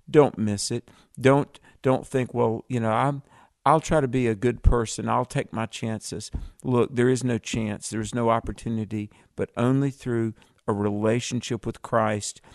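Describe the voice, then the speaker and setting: A man's voice: mid-range voice, dry recording, clean studio sound. A man co-hosting a radio Bible discussion, making earnest, preacherly appeals to listeners. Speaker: radio co-host.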